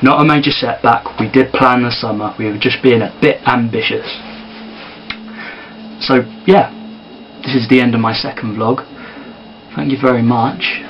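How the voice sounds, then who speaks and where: A man talking quietly and softly to camera in a casual sit-down vlog. He sounds tired. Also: medium pitch, moderate pace, long pauses, lo-fi sound, a little hiss or hum. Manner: quiet and soft-spoken. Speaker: vlogger and amateur filmmaker.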